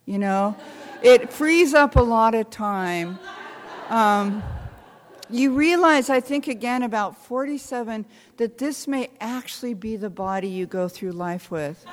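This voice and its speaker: A woman's voice: a little high, unhurried. Wry older woman in a reverberant hall. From United States. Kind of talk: reflective storytelling talk.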